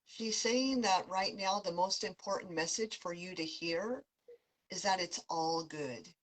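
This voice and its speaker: Soft-spoken woman giving a pet reading. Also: fairly low pitch, measured pace, rough recording. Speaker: animal communicator, podcast host.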